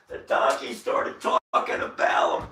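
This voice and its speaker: A man delivering a rambling religious monologue. He swings from shouting to muttering and corrects himself as he tells the story.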